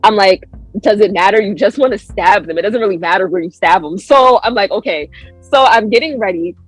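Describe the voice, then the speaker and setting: A woman's voice: fairly quick, breathy edge, dry recording, soft background music, rough recording. A woman guest on a podcast telling a story in casual chat, acting out quoted lines with big jumps in her voice. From United States. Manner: animated, acts out quotes with big pitch jumps.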